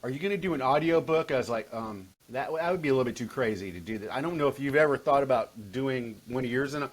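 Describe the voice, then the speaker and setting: A man chats loosely about his writing as a podcast guest. He rambles, circles back and restarts his sentences often, at an everyday middle pitch. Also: fast. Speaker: guest author. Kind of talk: casual podcast chat.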